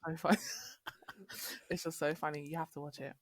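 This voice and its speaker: A young woman, a podcast guest telling stories in casual chat, animated and teasing. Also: low-pitched, normal speed. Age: young adult. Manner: animated storyteller, teasing, acts out quotes, laughs often.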